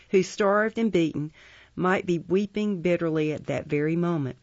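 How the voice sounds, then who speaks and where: Casting: woman audiobook narrator, lowish voice, measured pace, dull dry recording. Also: dry recording. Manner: measured, even storytelling. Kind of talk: audiobook reading of a classic novel.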